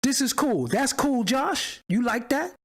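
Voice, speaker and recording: Extremely high-pitched and animated, a man's voice moves at an unhurried pace with a bit of brightness. As channel host, he rants through a livestream commentary, swearing, mocking and picking fights with people in the chat.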